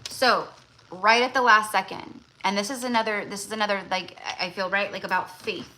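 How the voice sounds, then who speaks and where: A woman's voice: mid-range voice, steady tone, a little fast, pushed and bright, slight background noise, rough recording. A woman hosting a tarot-reading livestream. She chats casually and rambles, with lots of fillers and restarts. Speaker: tarot reader and livestream host.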